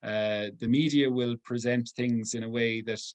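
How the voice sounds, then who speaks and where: A priest speaking to a gathering in a relaxed, informal way. His voice sits at an ordinary middle pitch, and he pauses often as he thinks aloud. He comes across as earnest and soft-spoken. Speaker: priest giving a talk. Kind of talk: informal talk to a group.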